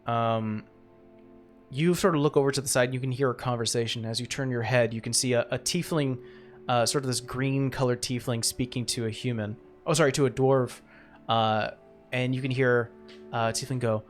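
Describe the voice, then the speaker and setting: Man, game master, tabletop game narration, rambling, filler-heavy, mid pitch, faint music behind. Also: fairly even intonation, normal speed.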